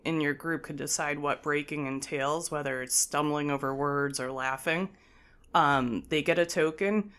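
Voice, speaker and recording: A woman's voice: deep voice, a bit bright. A woman guesting on a casual podcast, explaining game rules and trading dry, matter-of-fact remarks.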